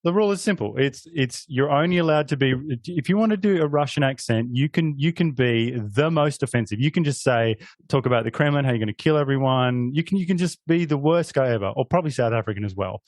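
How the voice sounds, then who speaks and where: A man's voice: medium pitch, fast, few pauses, darkish tone, no room sound. A man co-hosting a casual podcast chat, hesitant and full of "uh"s, with a joking tone. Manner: hesitant, many "uh"s, jokey. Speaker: podcast co-host.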